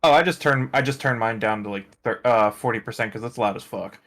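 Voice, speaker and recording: A man joining a live stream over voice chat, talking in a relaxed, joking, slightly crude way. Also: medium pitch, fairly quick. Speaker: guest on the stream. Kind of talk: casual voice chat. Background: faint music.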